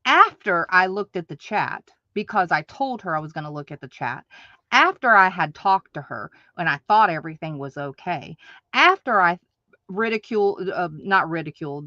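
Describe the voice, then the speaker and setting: A woman's voice: lowish voice, pushed and bright, no echo, lo-fi sound. A woman hosting an online craft market, ranting in an emphatic, repetitive, indignant way to her viewers. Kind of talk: ranting livestream monologue.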